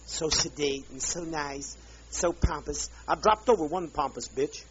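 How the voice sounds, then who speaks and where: A man speaking as a leader rants angrily at a group, bitter and profane, in an unhurried drawl with a fairly high pitch. The recording is old, muffled, dull, lo-fi archive tape with a noisy background.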